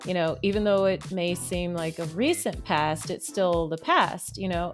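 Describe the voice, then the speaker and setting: A woman hosts a podcast and talks through ideas in a reflective way. She speaks slowly, and her voice sits on the low side. Faint music plays underneath. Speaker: podcast host. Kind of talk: casual interview chat.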